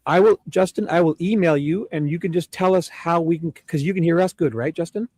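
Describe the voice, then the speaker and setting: A man's voice: on the high side, brisk, a little mellow, no room sound. A man co-hosting a livestream in friendly casual chat, who often repeats words and laughs. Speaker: livestream co-host.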